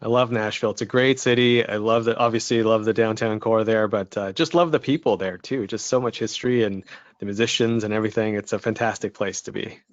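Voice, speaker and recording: A man's voice: fairly low pitch, steady tone, a little fast, no echo, highs cut off. A man from Canada hosting an interview program, friendly and chatty, steering the talk with open questions. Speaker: podcast host.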